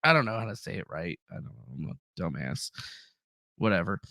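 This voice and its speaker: A man's voice: low voice, very animated, brisk, gravelly, pushed and bright, no echo, clean studio sound. A man hosting a live stream in a loose, rambling way, swearing and reading out viewers' names from the chat. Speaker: livestream host.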